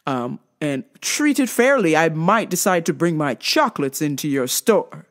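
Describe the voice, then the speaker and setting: A man's voice: on the high side, big pitch swings, unhurried, fairly bright tone, exaggerated voice. A woman doing a pompous chocolate salesman. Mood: haughty. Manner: formal, self-important phrasing. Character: fussy male chocolate seller, stiff and pompous.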